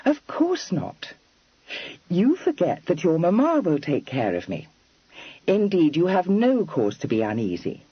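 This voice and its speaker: A man voicing a spirited, earnest young woman who speaks in a high, lilting voice with prim, formal phrasing. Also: wildly swooping pitch, measured pace, husky, no room sound, muffled recording, full character voice. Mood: coaxing.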